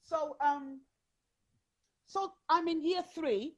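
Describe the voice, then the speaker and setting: A woman with a British accent telling personal stories as a guest in an interview, animated and chatty, with frequent fillers. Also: sits high, very slow, poor audio.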